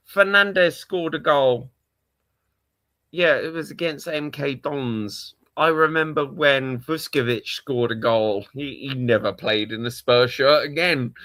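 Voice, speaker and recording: A man's voice: a little high, pushed and bright, no echo. A man with a London accent ranting on a casual livestream, exasperated and repetitive, swearing often. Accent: London English. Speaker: live streamer, football fan.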